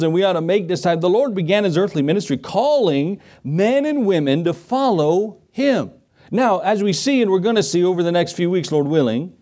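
A man's voice: a little high, a little mellow. A man preaching a sermon as pastor, telling folksy stories and acting out the people in them. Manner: folksy storytelling, acts out quotes.

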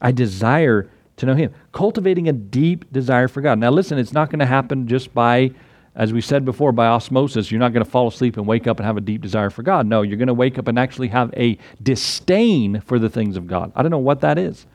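A man preaching a sermon in a relaxed, conversational way, talking straight to the people in front of him. He acts out the voices of the people in his stories as he goes. His voice sits at an ordinary middle pitch, and the recording is dry and close, with no room echo. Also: a little fast. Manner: conversational, retells stories with lively acted quotes; talks directly to listeners.

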